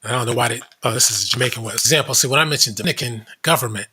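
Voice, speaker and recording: A man's voice: medium pitch, very fast, pushed and bright, breathy edge. A man hosting a commentary show, casually reading web pages aloud with blunt asides. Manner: blunt, reads aloud from screen, frequent asides.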